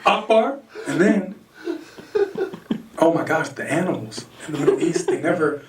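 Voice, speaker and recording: An animated American man does stand-up at a moderate pace, slipping into sudden high voices to play characters and laughing at his own jokes. A distant stage mic makes the sound roomy, with slight background noise.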